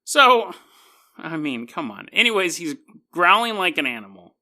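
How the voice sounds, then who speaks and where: A man's voice: high voice, very animated, normal speed, sharp tone. A man hosting a podcast, telling a story in a casual monologue with wry, skeptical asides and frequent laughter. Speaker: podcast host.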